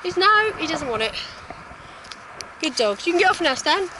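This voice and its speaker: A high-voiced woman talks her dogs through an outdoor walk, her pitch leaping up and down as she praises them. She sounds like she is speaking into a phone while out in a park, with loud noise behind her. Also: big pitch swings, moderate pace. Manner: sing-song praise to dogs, swooping up high. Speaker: dog trainer. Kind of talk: live-streamed dog walk commentary.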